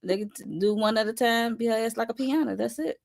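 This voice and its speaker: A woman's voice: a little high, fairly even intonation, fast talker, gravelly, dry recording. Guest reviewer: a woman who rambles through her plans with many ums, recorded dry and close. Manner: rambling, many ums, playful trash talk. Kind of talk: casual live-stream chat.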